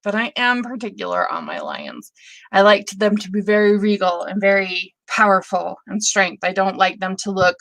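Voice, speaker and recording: A middle-aged woman hosting a live stream, chatting and gushing excitedly over viewers' projects in a rambling way. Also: mid-range voice, normal speed, creaky, no echo. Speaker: host.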